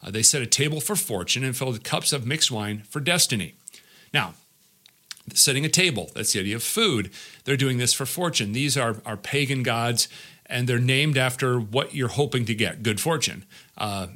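Bright-voiced man teaching a Bible passage. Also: mid-range voice, expressive, moderate pace. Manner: explains verse by verse, repeats words. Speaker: pastor.

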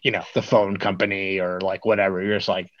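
A man's voice: deep voice, level tone, fairly quick, a bit bright, lo-fi sound. A man co-hosting a podcast, telling a long story in a loose, rambling way with lots of filler words. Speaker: podcast co-host. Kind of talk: casual chat.

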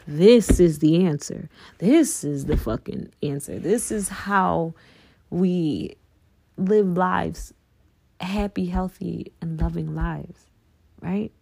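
Gravelly earnest woman podcaster. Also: deep voice, mellow, no echo. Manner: earnest, profane, addresses listeners as y'all. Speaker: podcast host. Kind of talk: casual spiritual monologue.

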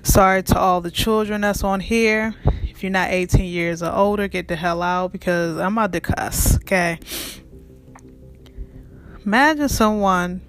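Profane animated storyteller over faint music. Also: medium pitch, measured pace. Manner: animated, profane, addresses viewers directly. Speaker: vlogger. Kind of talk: casual storytime rant to camera.

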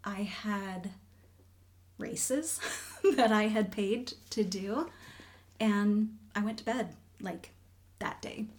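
A woman in her forties, a guest telling her own story in conversation. She speaks candidly and earnestly, often dropping to a hushed near-whisper to stress a point. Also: medium pitch, extremely slow, pauses often.

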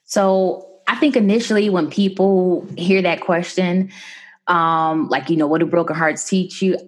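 Brief: woman, podcast host, lowish voice, bubbly and chatty. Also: steady tone, measured pace. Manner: bubbly, chatty, laughs often. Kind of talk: casual podcast chat.

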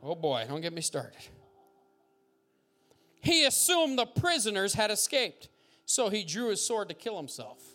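A man preaching a sermon as pastor, fiery and loud at peaks, with folksy jokes and asides. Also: sits high, sing-song, a little slow, long pauses, soft background music. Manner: fiery preaching, bursts into shouts.

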